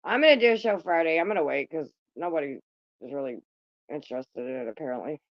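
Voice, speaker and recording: A woman's voice: low-pitched, lively intonation, fast talker, no echo, highs cut off. A woman hosting a casual livestream, chatting bluntly and with plenty of profanity to her viewers. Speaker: livestream host.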